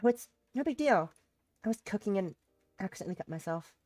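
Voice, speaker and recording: A sick-voiced woman voicing the gentle, curious young human heroine of a visual novel, reading softly and earnestly. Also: mid-range voice, animated, quick pace, no room sound, clean studio sound, soft background music, lightly acted.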